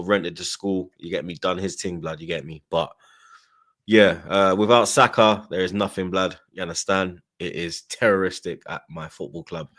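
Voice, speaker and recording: Young man, football podcast host, angry sweary rant, lowish voice. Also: fairly bright tone. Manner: angry, sweary, repeats "blood" and "you get me". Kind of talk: ranting casual chat.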